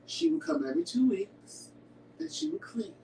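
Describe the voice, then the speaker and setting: A man's voice: very high-pitched, lively intonation, moderate pace, creaky, a loud crowd. A man co-hosting a dinner-table vlog, telling home stories in an easygoing way and playfully pushing back. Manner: easygoing storyteller, protesting playfully. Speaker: vlog co-host. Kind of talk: casual dinner chat. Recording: roomy, distant mic, faint noise.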